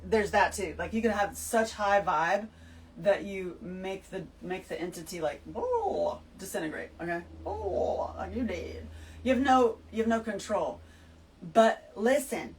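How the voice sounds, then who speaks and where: A woman giving an emphatic, animated spiritual talk to her listeners, full of swearing. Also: medium pitch, a little slow, recorded from a distance, a little hiss or hum, poor audio. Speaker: host. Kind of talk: spiritual monologue to camera.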